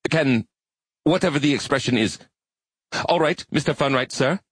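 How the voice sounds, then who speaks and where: A man's voice: medium pitch, moderate pace, slightly rough, no room sound, voice pushed up, lightly acted. A man voicing an earnest, fussy quasi-arachnid alien who speaks in stiff, formal phrasing in an audiobook.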